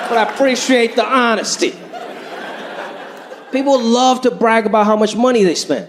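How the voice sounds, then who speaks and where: A man's voice: very high-pitched, moderate pace, pauses often, noisy background. A man doing a stand-up comedy set, wry and punchy. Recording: live stage with crowd laughter.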